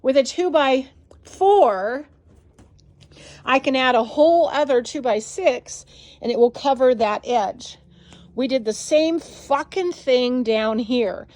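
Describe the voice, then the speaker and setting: A woman's voice: high-pitched, takes it slowly, darkish tone. A woman dog breeder, ranting and swearing in a casual vlog as she walks around her deck. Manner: frustrated, swears constantly, ranting. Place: outdoors on a home deck.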